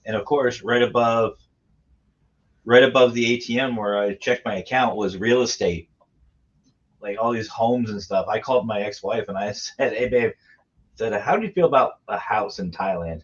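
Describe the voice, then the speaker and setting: Low-voiced man telling crude stories. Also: moderate pace, breathy edge. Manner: crude, laughing anecdotes. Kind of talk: casual storytelling chat. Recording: dull lo-fi sound.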